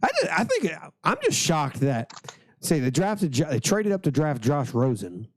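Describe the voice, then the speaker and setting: A hoarse man co-hosting a podcast, chatting about sports in a rambling, crude, jokey way. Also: a little high, wildly swooping pitch, normal speed, no room sound. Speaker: podcast co-host. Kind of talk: casual sports chat.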